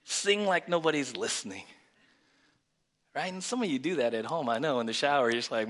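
Animated preacher man, bright edgy voice. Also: mid-range voice, a little fast. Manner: animated, swinging between loud exclamations and hushed near-whispers; calls for congregation responses. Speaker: pastor. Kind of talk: sermon. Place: church.

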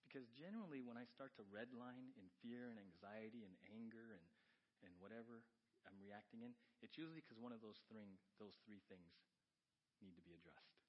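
A middle-aged man preaching a sermon, shifting between loud, emphatic reading and hushed, close asides. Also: on the low side, brisk, muffled recording. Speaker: pastor.

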